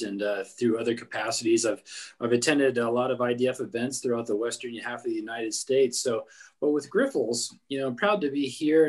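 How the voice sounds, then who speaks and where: A man's voice: mid-range voice, a little mellow. A man speaking casually as a company representative in a short sponsor message over a video call. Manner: casual, informal fillers.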